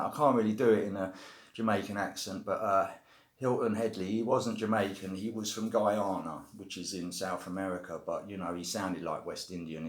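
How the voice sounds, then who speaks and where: A middle-aged man with a British accent recounts a story in a loose, rambling vlog style, leaning on fillers like "you know" and "basically". His voice sits low, and the sound bounces around an echoey room. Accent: British English. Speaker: vlogger telling prison stories. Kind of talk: casual storytelling to camera.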